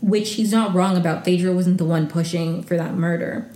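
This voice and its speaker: A woman's voice: lowish voice, steady tone, moderate pace, dark tone, roomy sound. A woman hosting a podcast, chatting casually and gushing, peppered with "like". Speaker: podcast host recapping reality TV. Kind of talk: casual solo recap.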